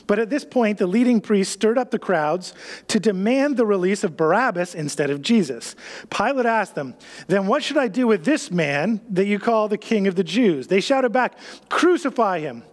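Male pastor, high voice, animated sermon delivery, long reverb of a hall. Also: normal speed. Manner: animated, acts out scenes in a raised voice.

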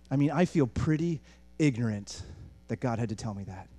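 This mid-range male voice belongs to a pastor preaching with energy at a normal pace and with few pauses. Hushed side remarks give way to raised, forceful stretches, and he frequently starts lines over.

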